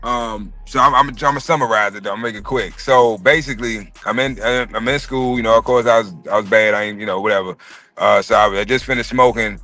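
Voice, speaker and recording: A man in his thirties telling a personal story in casual chat, profane and animated. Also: fairly low pitch, a little fast. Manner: profane, animated storytelling, acts out quoted voices.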